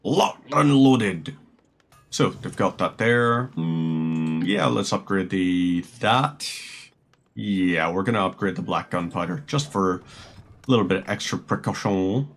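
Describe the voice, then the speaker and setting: This strategy-game streamer speaks low and a little slowly, keeping his gameplay commentary casual. He rambles along in a chatty way, thinking out loud as he plays.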